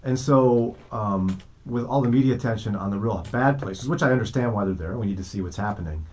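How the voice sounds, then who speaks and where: A man's voice: fairly low pitch, brisk, darkish tone. A man co-hosting a morning radio show, joking and bantering in the studio. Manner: joking, does playful put-on accents. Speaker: radio co-host. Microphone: studio mic.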